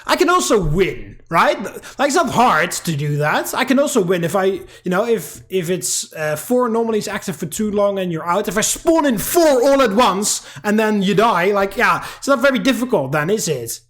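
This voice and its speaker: A man's voice: sits high, very animated, moderate pace, hardly any pauses, fairly bright tone. A man giving profane, angry let's-play commentary while ranting at a game. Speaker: gaming YouTuber.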